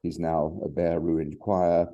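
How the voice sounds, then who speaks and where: A man's voice: low voice, level tone, slow, warm tone, muffled recording. A man in a poetry discussion group, offering a careful reading with many hesitations. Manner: hesitant, many ums, long careful sentences.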